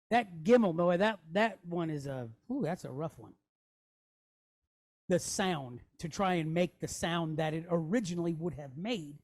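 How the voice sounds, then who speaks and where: A woman leads a classroom lesson at a medium pitch for a woman. She explains patiently, sounding out each letter and syllable slowly and drawing them out for her students. She keeps checking in with a quick "okay?" or "right?" as she goes. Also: a little mellow. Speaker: Hebrew teacher.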